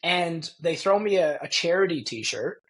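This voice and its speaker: A young Canadian man with a Canadian accent, a podcast guest telling stories in a lively way and laughing often. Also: a little high, measured pace, rough recording. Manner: animated storyteller, laughs often, acts out quoted voices. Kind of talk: casual storytelling.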